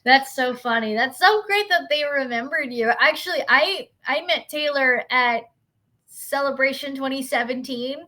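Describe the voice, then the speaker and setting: A young woman guest on a podcast talks in a casual, chatty way and sounds like an eager fan. Her voice is very bright and sits a little high. Her pace is quick and her delivery is lively.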